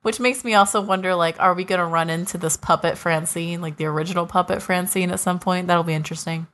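Bright skeptical woman recapping a plot. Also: on the low side, fairly even intonation, quick pace. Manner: skeptical, picking apart plot holes. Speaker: podcast co-host. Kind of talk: casual chat, recapping episodes.

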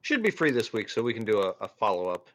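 Low-voiced easygoing man. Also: sing-song, fast talker. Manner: easygoing, gives short agreeing replies. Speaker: podcast co-host. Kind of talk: casual chat.

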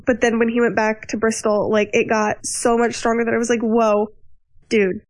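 Woman host, chatty podcast voice, slightly high, dry close sound. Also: brisk, no echo, rough recording. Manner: chatty, animated storytelling. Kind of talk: casual discussion of a TV show.

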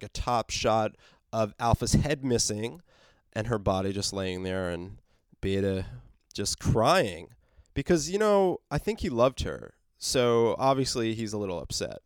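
A man's voice: lowish voice, expressive, a little slow, smooth, dry recording, clean studio sound. A man casually walking through a comic book issue as a reviewer, rambling with many fillers and small chuckles.

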